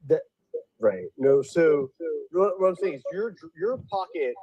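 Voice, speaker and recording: A man calling in to a livestream from outside a store, chatting casually. His pitch runs a little high and moves around a lot as he talks. He hedges and fills his sentences with likes and ums. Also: unhurried, no echo, muffled recording. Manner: animated, hedging, lots of fillers. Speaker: guest streamer.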